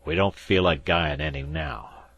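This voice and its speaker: A man voicing a terse, plain-spoken skipper close to his own low voice. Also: unhurried, gravelly, a bit bright, slightly rough, no echo, dull audio, full character voice. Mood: shaken. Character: gruff middle-aged male skipper.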